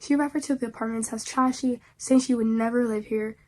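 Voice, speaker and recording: A woman's voice: fairly high pitch, steady tone, a little fast, a little mellow. A woman reading online posts aloud and reacting to them in casual, slangy commentary, often pleading dramatically with her viewers.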